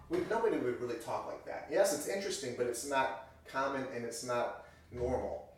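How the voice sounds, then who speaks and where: A man giving a piano lesson in a loose, conversational way, correcting himself as he goes and acting out example sentences. His voice sits at a middle pitch and sounds far from the mic, with the heavy echo of a large room. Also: animated, brisk. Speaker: music teacher. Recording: very echoey room, voice distant from mic.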